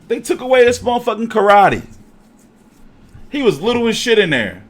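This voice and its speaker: Man, boxing show host, casual chat, highish voice, lively swings in pitch, joking and cursing. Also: fairly quick, pauses often. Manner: animated, profane, jokey.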